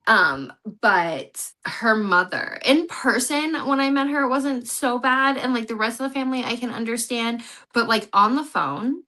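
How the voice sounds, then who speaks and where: A woman co-hosting a livestream, chatting casually in a giggly, animated way. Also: on the high side, normal speed. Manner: giggly, animated, lots of fillers. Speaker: co-host.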